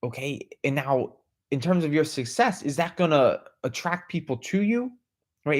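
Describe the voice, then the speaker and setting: A man hosting a podcast, giving a motivational talk that keeps asking the listener questions, tagging lines with "right?" and "okay?" and repeating words as he restarts. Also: a little high. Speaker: podcast host.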